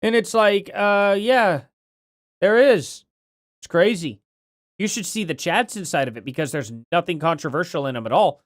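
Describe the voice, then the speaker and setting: A man's voice: high voice, normal speed, no room sound, clean studio sound. A man hosting a casual livestream, chatting and reading out donations, his words a little slurred from a bitten tongue. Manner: chatty, reads donations aloud, apologetic. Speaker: livestream host.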